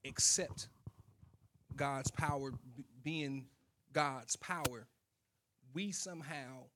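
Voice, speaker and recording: A man's voice: mid-range voice, a bit bright. A man, a co-host in a casual faith discussion, who thinks aloud and keeps asking probing questions.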